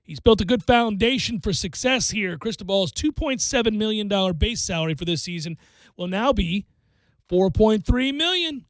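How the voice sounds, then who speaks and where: A male sports radio host with a high voice ranting in animated, sarcastic bursts. The studio sound is dry and close. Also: brisk, no echo. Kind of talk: sports talk radio banter.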